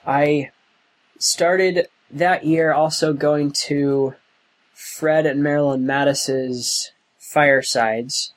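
A young man being interviewed, talking in a slow, thoughtful way with many pauses and restarts. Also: fairly high pitch, steady tone, poor audio. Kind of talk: oral history interview.

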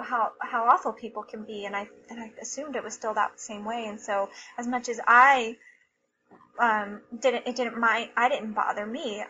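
A middle-aged woman telling a personal story as a mother, emotional and halting, with many restarts. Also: a little high, sharp tone, highs cut off, slight background noise.

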